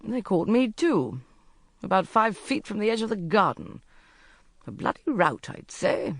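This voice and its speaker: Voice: mid-range voice, sing-song, a little slow, fairly bright tone, no room sound, pitched above the performer's own voice, heavily acted. A captured young man sums up his bad luck in grim, dry understatement, as the narrator puts him on. The read is close and dry, like a studio audiobook. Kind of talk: audiobook character voice.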